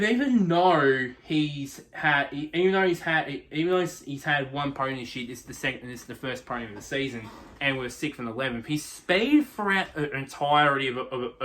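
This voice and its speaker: A man's voice: medium pitch, fairly bright tone. A young man giving a casual, rambling race recap full of restarts and fillers. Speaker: motorsport review host.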